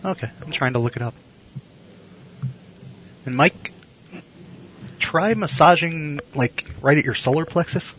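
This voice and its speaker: A man's voice: on the high side, a little slow, long pauses, a bit bright, slight background noise, rough recording. A man co-hosting a casual podcast, teasing his friend in a dry, wry way and often restarting his sentences. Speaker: podcast co-host. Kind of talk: casual chat.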